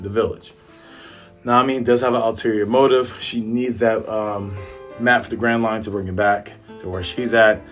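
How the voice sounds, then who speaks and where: A man hosting a casual comic chapter review, retelling the scenes in an animated way and throwing in playful sound effects. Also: medium pitch. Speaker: manga review host. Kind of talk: casual chapter recap and commentary.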